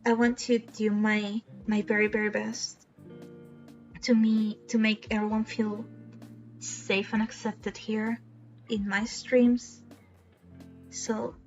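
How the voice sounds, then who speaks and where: A woman's voice: medium pitch, level tone, slow, pauses often, faint music behind. A young woman streaming live, chatting earnestly and emotionally with small laughs and many restarts. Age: young adult. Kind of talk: casual live-stream chat. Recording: slightly dull lo-fi stream audio.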